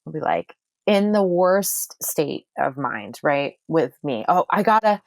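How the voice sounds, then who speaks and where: A woman with a notably low voice explains her ideas with emphatic repetition. She talks in a relaxed podcast conversation, close to the mic in a dry room. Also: slow, vocal fry, dry recording. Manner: emphatic, repeats phrases for effect. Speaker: manifestation coach and astrologer.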